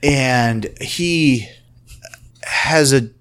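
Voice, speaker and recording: A man hosting a podcast, casually recapping a convention panel in an animated storytelling way. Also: mid-range voice, drawn-out words, clear, resonant tone. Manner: animated storytelling, acts out quotes. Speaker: podcast host.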